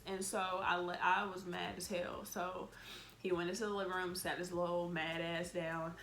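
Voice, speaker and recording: Fairly low-pitched and moderately paced, this woman vlogger recounts a storytime with blunt exasperation and plenty of cussing. She animatedly performs her own past lines, and a little hiss or hum sits in the audio.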